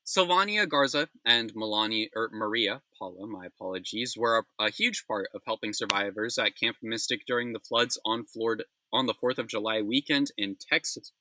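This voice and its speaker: A man's voice: on the low side, normal speed, few pauses, pushed and bright, slight background noise. A young man hosting a news recap, reading stories and breaking into angry, profane rants, then apologizing for swearing. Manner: angry, ranting with heavy swearing; apologetic asides between rants. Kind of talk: opinionated news commentary.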